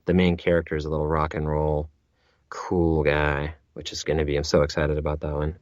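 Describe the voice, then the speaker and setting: A man, an audiobook narrator, chatting as a guest, talkative and quick to laugh. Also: rumbling low, monotone, a little mellow, dry recording, lo-fi sound. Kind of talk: casual interview chat.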